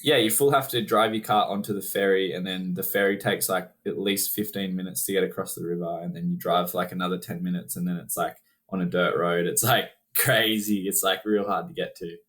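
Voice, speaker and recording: A man's voice: deep voice, steady tone, a bit bright. A man from Australia, a freestyle motocross rider, chatting casually as a podcast guest in a laid-back way, full of fillers. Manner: laid-back, drawn-out, filler-heavy talk. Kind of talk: casual chat.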